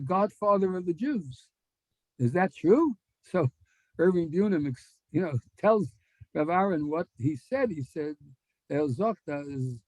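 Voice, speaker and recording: A man telling a story in a Torah class, animated and acting out the dialogue. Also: fairly high pitch, no echo, low-quality recording. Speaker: rabbi giving a Torah class.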